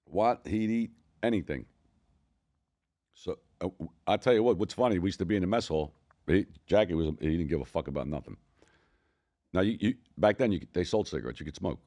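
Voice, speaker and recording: Deep-voiced older Philadelphia man, fast and profane. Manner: profane, rambling, animated storytelling. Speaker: podcast co-host telling stories. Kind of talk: casual storytelling.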